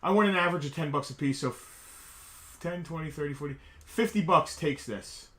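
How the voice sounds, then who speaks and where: A man's voice: on the high side, moderate pace, fairly bright tone. A man co-hosting a casual toy chat show, laid-back and wisecracking. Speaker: co-host.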